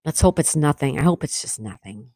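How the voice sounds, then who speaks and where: A congested woman hosting a relaxed livestream at home, chatting and reading out viewers' comments. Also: low voice, brisk, dry recording. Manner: relaxed, chatty, laughs often. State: congested, coughing. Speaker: livestream host.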